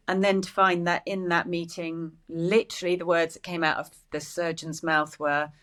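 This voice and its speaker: A woman in her sixties, a podcast guest, speaking candidly and haltingly while close to tears. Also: on the low side, flat delivery, fairly bright tone. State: tearful. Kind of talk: interview.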